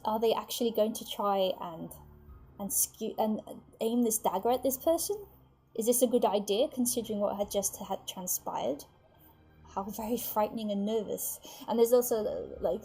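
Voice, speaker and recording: Woman, game master, tabletop narration, husky voice, lively, many restarts. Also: mid-range voice.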